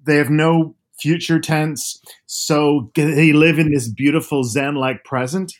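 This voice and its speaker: Northern Irish man in his fifties, animated. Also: on the high side, a little slow, hardly any pauses. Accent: Northern Irish, softened by years abroad. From Northern Ireland. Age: 50s. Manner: animated storyteller, lively asides. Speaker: guest author. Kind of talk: casual chat over a video call. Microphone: video call.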